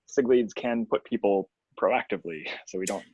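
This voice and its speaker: A man's voice: on the low side, normal speed, darkish tone, husky, muffled recording. A man on a video call making dry, wry remarks in a casual meeting. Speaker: meeting participant. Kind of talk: casual online meeting talk.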